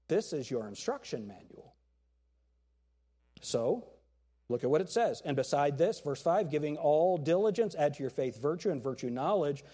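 Animated high-voiced male preacher. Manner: animated preaching with acted-out quotes and jokes. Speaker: pastor. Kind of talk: sermon.

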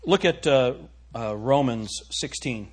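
A man's voice: mid-range voice, expressive, slow, husky. A man preaching a sermon to his congregation, asking rhetorical questions and stressing his points. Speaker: pastor.

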